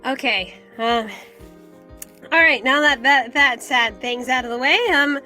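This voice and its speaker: Bright, high-pitched American woman host. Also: a little slow, soft background music. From United States. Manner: chatty and self-deprecating. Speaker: podcast host. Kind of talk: casual solo podcast talk.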